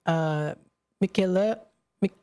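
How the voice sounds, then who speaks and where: A woman's voice: lowish voice, takes it slowly, mellow, smooth. A woman hosting a live local radio show, upbeat and friendly, reading promos and chatting on a studio mic. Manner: upbeat, friendly, stumbles on names. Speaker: radio host. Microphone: studio microphone.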